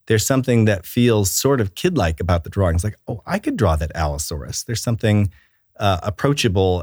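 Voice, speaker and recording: A middle-aged man with a very low voice tells stories in an eager, rambling interview manner, full of fillers and restarts. His voice sounds close and dry, with no room sound around it. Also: a little mellow, no echo. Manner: enthusiastic and storytelling, with many fillers and restarts. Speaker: children's book author and illustrator. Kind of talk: relaxed interview chat.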